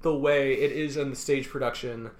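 A podcast co-host in a casual film discussion who talks in an animated, sarcastic way and laughs often. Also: medium pitch, moderate pace.

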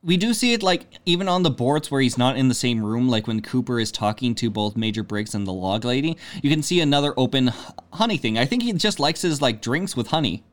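Man, mid-pitched voice, easygoing, chatty, lots of filler words, podcast co-host. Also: lively intonation, a little fast, hardly any pauses. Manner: easygoing, chatty, hedges with "like" and "I mean". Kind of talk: casual chat.

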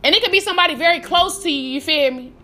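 A woman hosting a podcast, giving casual, profane, animated motivational advice with frequent laughs, calling the listener baby. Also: very high-pitched, rapid-fire. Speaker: podcast host.

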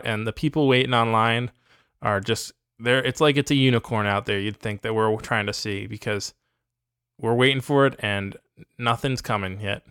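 A man's voice: medium pitch, clean tone, no room sound, clean studio sound. A man co-hosting a podcast, putting on a mock Australian accent and joking with enthusiasm. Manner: playful, enthusiastic, deadpan jokes. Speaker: podcast co-host. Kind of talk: casual podcast banter.

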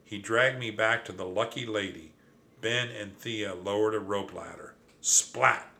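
Lively man reading a storybook aloud. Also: fairly low pitch, unhurried. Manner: expressive, animated storytelling. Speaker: narrator.

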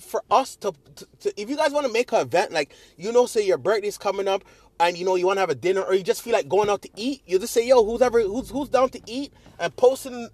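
A man's voice: sits high, a little mellow, no room sound. A young man hosting his own podcast in a casual solo monologue, rambling and swearing freely, with many fillers and restarts. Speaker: podcast host.

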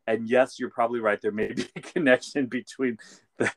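A man's voice: medium pitch, fairly even intonation, a little fast. Wry man making dry asides. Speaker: podcast co-host. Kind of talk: casual chat.

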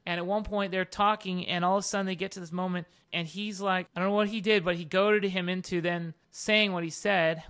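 A preacher giving an informal sermon with a personal testimony, earnest and rising to loud, emphatic declarations. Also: mid-range voice, steady tone, fairly quick, hardly any pauses, clean tone. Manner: retells stories with repeated "and all of a sudden".

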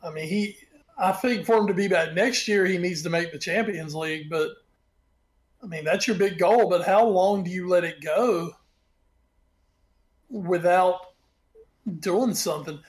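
A man co-hosting a sports podcast, giving blunt, opinionated takes and laughing at his own jokes. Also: high voice. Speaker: podcast co-host. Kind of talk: casual sports chat.

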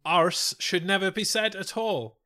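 A man from Britain trading jokes on a casual comedy podcast. His voice is bright and clear, and his replies come short and blunt, often with a curse for emphasis. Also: high voice, a little slow. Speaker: podcast co-host.

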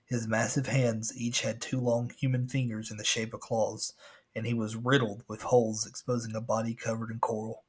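A man's voice: mid-range voice, level tone, normal speed, breathy edge. A man reading a scary story aloud as a podcast host, with casual asides.

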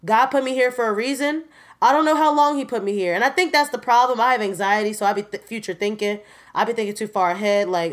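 A woman in her twenties giving a candid, animated personal update on her podcast, laughing often and talking straight to her listeners. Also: fairly high pitch, a little fast. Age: 20s. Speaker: podcast host.

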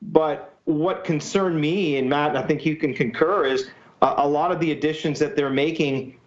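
A man's voice: fairly high pitch, fairly even intonation, moderate pace, muffled recording. A Canadian man, a guest on a sports podcast, talking through his opinions in a chatty way. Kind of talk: casual sports podcast chat.

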